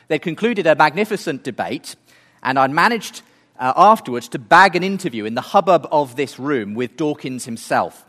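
A man's voice: medium pitch, a bit bright, big-room sound. A man giving an earnest talk, building his case through rhetorical questions. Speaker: speaker. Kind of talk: apologetics talk.

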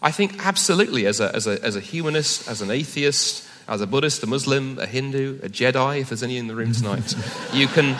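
A man with a bright, forceful voice argues at a live debate, animated and fond of jokes and quick asides. His voice rings with the long reverb of a large event hall. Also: medium pitch, slight background noise. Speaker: debate speaker.

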